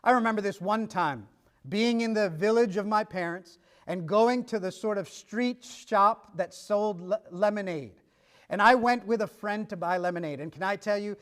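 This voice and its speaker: A middle-aged man preaching, telling stories and acting out dialogue with shifts of pace and volume. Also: high-pitched. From United States. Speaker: pastor. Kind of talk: sermon.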